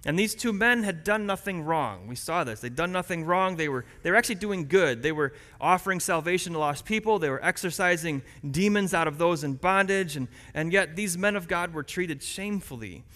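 A man's voice: sits high, expressive, fairly quick, hardly any pauses, pushed and bright. A man in his thirties preaching a sermon as pastor, telling the story vividly with asides to the congregation. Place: church. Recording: long reverb in a church hall.

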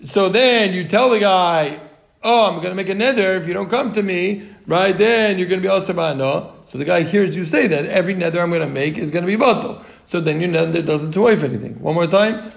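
A man teaching a Talmud class, animated and quick, repeating points for his students. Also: high voice, creaky.

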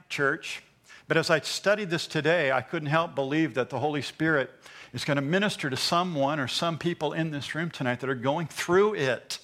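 Impassioned, bright-voiced preacher man. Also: on the high side. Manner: impassioned, swings from loud emphasis to hushed asides, stammering repeats. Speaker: pastor. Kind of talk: sermon. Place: church.

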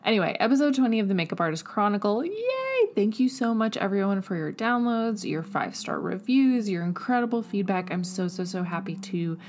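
A woman's voice: mid-range voice, brisk, few pauses, noisy background. A woman hosting her own podcast in a chatty, upbeat monologue, recorded while traveling away from a studio. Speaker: podcast host.

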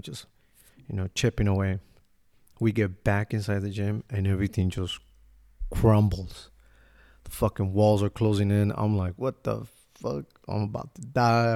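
A man's voice: lowish voice, gravelly, a little mellow. A man hosting a podcast, telling a personal story in a casual, profane, laid-back way and acting out what people said. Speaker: podcast host.

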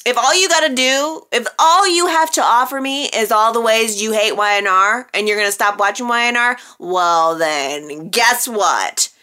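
Her voice, a little high, sounds pushed and bright. She is a woman from the American Midwest and Texas hosting a soap opera chat show, chatting casually with viewers, laughing often, and dropping playful, teasing asides.

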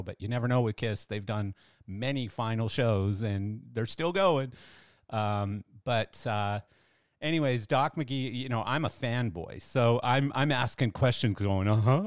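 A man's voice: lowish voice, dry recording, clean studio sound. An older man hosting a podcast, telling stories in a chatty, enthusiastic way with lots of fillers. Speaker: podcast host. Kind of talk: casual podcast monologue.

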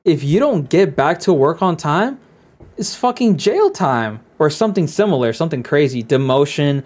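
A man's voice: on the high side, sing-song, moderate pace, a little mellow. A man co-hosting a podcast in casual chat, telling stories laid-back with some swearing. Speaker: podcast co-host.

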